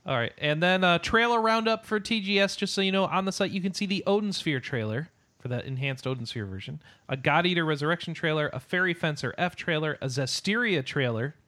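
A man's voice: fairly high pitch, animated, fairly quick, hardly any pauses, pushed and bright. A man hosting a casual gaming podcast, who talks in a playful, rambling way with many fillers. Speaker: podcast host.

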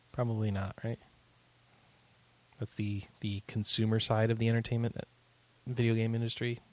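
A man hosting a casual podcast, reacting with incredulous questions and quick comments. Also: on the low side. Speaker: podcast host.

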